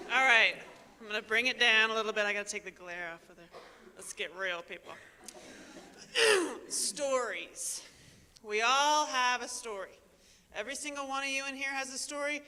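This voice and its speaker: A woman tells a personal story from a stage, teasing herself and calling out to the listeners. Her voice is bright and sharp. It rings out into the long reverb of a large performing hall. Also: on the high side, clean tone. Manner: animated and self-mocking, addresses the audience directly. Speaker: invited speaker. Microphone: stage microphone.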